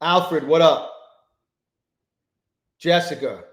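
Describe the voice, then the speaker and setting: In an echoey room, a man with a fairly high-pitched voice talks very slowly through his live-stream trades. His commentary is profane and full of exasperated muttering, and he greets viewers by name.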